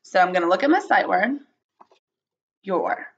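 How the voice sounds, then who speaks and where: A woman teacher giving a slow, patient early-grade phonics lesson, spelling out letters and sounding out words. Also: mid-range voice, big pitch swings, slightly rough, dull audio.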